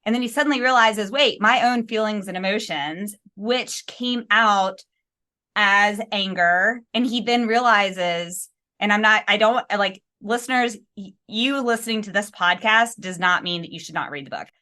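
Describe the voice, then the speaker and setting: A woman's voice: mid-range voice, moderate pace, pushed and bright. A woman hosting a podcast, talking enthusiastically as she retells scenes from a book. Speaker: podcast host. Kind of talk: podcast interview.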